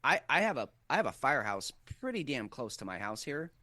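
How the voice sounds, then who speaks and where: A man's voice: medium pitch, very animated, brisk, bright, forceful tone, no room sound. Middle-aged male co-host, skeptical and insistent, dry booth sound. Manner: insistent, skeptical, hedging fillers. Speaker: podcast co-host. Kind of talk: casual conspiracy talk.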